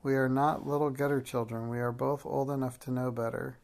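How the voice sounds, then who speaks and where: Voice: mid-range voice, brisk, vocal fry, natural voice. A reader voicing a kind but fiery young schoolgirl who speaks steadily and soothingly, in a storybook reading. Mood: restrained. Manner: steady and soothing, with a firm edge.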